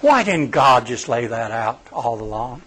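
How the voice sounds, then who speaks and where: A man's voice: mid-range voice, big pitch swings, unhurried, fairly bright tone, breathy edge. A man preaching a sermon in a conversational way, addressing his listeners directly.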